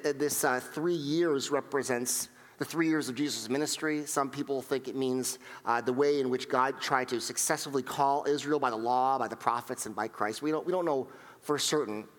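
Animated male pastor in a reverberant hall. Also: mid-range voice. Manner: animated storytelling with acted-out quotes; frequent repetitions and restarts. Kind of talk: sermon.

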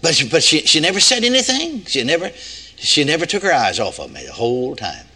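An older man preaches and tells a story in a folksy, emphatic way, repeating his key points. His voice sits fairly high and swings widely in pitch. His tone is bright and forceful. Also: brisk, breathy edge. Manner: animated, folksy, emphatic repetition. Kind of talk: storytelling sermon.

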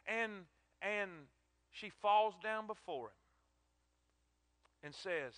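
A man's voice: high voice, lively intonation, slow pace, pauses often, fairly bright tone, dry recording. A man preaching a sermon in an emphatic, emotional way, often repeating his words.

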